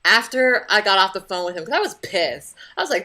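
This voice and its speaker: A woman's voice: a little high, big pitch swings, brisk, few pauses, sharp tone. A young adult woman venting to camera in a casual vlog, blunt and profane as she tells her story. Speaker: vlogger.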